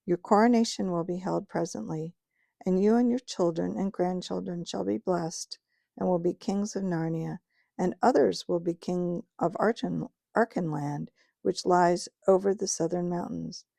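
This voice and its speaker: A woman reading aloud gives voice to a majestic male lion king, speaking in a grave, measured, commanding way. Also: lowish voice, fairly even intonation, gravelly, mellow, dry recording, studio quality. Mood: solemn.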